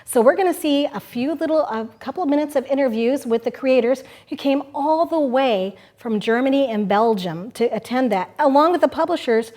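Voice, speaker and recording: A woman's voice: high-pitched, lively intonation, brisk, hardly any pauses, darkish tone. A woman co-hosting a live-streamed book show and reading a picture book aloud in an enthusiastic, playful way. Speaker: co-host.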